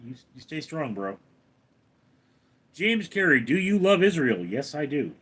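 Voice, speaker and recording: A man's voice: sing-song, unhurried, husky. A man live streaming from home, reading viewer names aloud and answering them in a casual chat. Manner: reads viewer names out loud, then answers in a lower voice.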